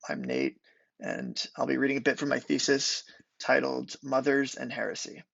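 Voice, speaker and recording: A young man reading aloud from his own literary prose thesis at a measured, deliberate pace. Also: mid-range voice, very animated, vocal fry, a bit bright, slightly rough, no room sound. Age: young adult. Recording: dull lo-fi recording.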